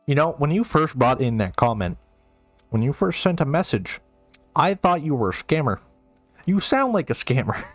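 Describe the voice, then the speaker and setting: A man's voice: a little high, very animated, moderate pace, no echo, faint music behind. A man streaming a game live and reading chat, flustered, self-mocking and rambling.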